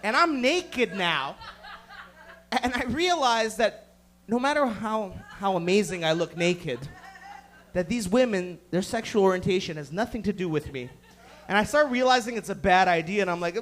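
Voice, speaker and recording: A man in his thirties doing a profane stand-up comedy set, loudly acting out the people in his stories. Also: high-pitched, lively intonation, normal speed. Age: 30s. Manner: profane, loud, acts out voices in his stories.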